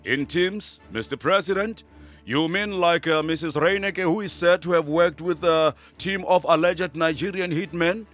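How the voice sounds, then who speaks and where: An actor playing a dry, deadpan male news anchor in a satirical puppet newscast. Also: a little high, normal speed, faint music behind, natural voice. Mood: sardonic. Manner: crisp newsreader delivery, deadpan.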